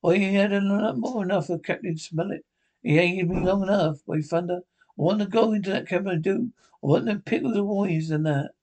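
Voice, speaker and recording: A man's voice: high voice, brisk, a little mellow. A man doing a surly, growling pirate coxswain. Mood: grumbling. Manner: growling, grumbling sailor talk.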